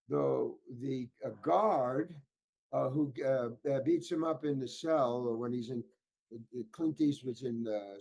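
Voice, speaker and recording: A man's voice: medium pitch, gravelly, darkish tone. An older man, an actor, tells an anecdote in an interview, stammering and restarting and acting out the people in his story as he gets worked up. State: getting worked up.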